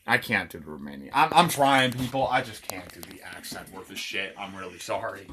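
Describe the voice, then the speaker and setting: A man casually reading his own dark comic aloud, irreverent and swearing, chuckling between lines. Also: deep voice, lively intonation, a little fast, hardly any pauses, slight background noise.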